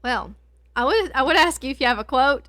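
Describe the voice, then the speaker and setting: Giggly, chatty woman co-host with a higher voice, recorded dry and close at home. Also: expressive, fairly quick, a bit bright, no room sound. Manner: giggly, chatty, easily moved to tears. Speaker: podcast co-host. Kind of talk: casual book chat. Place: home basement.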